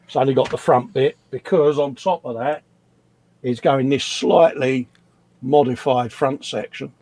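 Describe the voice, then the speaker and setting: A man's voice: mid-range voice, a little slow, darkish tone, dry recording. Male host, easygoing chatter over a hobby build, says "mate" a lot. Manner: chatty, reads out viewer names, says "mate". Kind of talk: casual live-stream chat while building a model kit.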